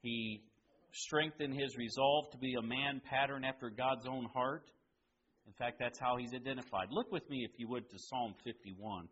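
A man preaching a sermon, asking his listeners questions and swinging between loud emphasis and quiet, hushed lines. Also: medium pitch, normal speed, lo-fi sound, a little hiss or hum.

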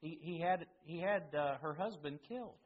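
A man preaching a sermon, asking his listeners questions and swinging between loud emphasis and quiet, hushed lines. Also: a little high, moderate pace, husky, narrow, tinny audio.

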